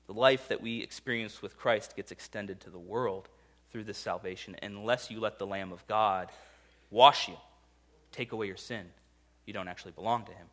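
A man preaching a sermon in a lively storytelling manner, acting out the people in his stories. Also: fairly low pitch, moderate pace. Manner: animated storytelling, acts out voices in quoted dialogue. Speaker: pastor.

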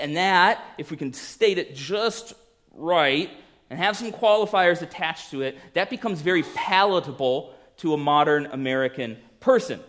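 A man preaching a sermon, animated, dropping to hushed tones for emphasis and acting out quoted voices. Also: on the high side. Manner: animated, swings between loud emphasis and hushed lines. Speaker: pastor.

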